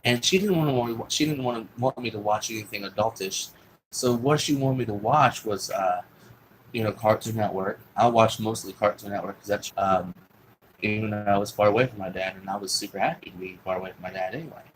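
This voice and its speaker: A man's voice: fairly low pitch, fairly quick, slight background noise, poor audio. Rambling, cussing man telling his story. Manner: rambling, profane, full of fillers. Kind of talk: casual personal storytelling.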